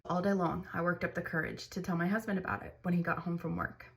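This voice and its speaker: A woman speaks to her phone camera in a storytime vlog, candid and earnest. Her voice sits a little on the low side. She talks in a conversational way. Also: flat delivery, fast talker, gravelly. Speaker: mother sharing her story.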